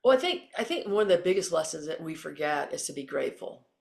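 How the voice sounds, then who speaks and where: A middle-aged woman from Texas, a former Olympian and coach, answering interview questions as an animated storyteller who acts out the quotes. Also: sits low, fast talker, vocal fry.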